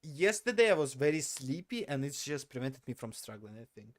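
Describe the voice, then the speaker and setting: A man's voice: mid-range voice, very animated, a little fast, dry recording. A man telling a story casually on a live stream, rambling and correcting himself as he goes, often laughing at himself.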